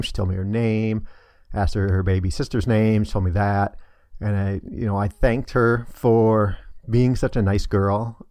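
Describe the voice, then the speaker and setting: Low-voiced man telling a story, hesitant. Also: darkish tone, dry recording. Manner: rambling, hesitant, many fillers. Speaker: vlogger. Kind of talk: casual storytelling.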